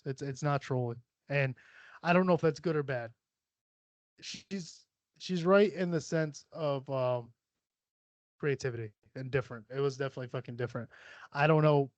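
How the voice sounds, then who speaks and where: A man's voice: fairly high pitch, normal speed, no echo. A man hosting a podcast, chatting casually in a rambling, profane way and laughing often. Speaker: podcast host. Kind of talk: casual solo podcast chat. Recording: dull, lo-fi sound.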